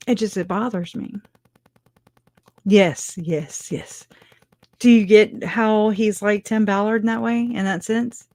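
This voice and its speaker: A middle-aged woman talks casually to her livestream viewers in a lowish voice, chatty and quick to laugh, often restarting her sentences. The sound is close and dry, with no room around her. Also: no room sound. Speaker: livestream host reading chat. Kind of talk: casual live chat.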